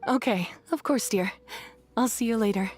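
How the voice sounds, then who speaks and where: An actress voicing a cheerful, gentle young flower shop owner in a game, sweet and welcoming. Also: female voice, a little high, moderate pace, soft background music, lightly acted. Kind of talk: game character dialogue.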